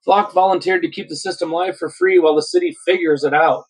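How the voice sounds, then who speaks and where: A man hosting a casual podcast, reading posts aloud with relaxed, jokey asides. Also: a little high, quick pace, slightly rough, faint music behind, poor audio. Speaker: podcast host.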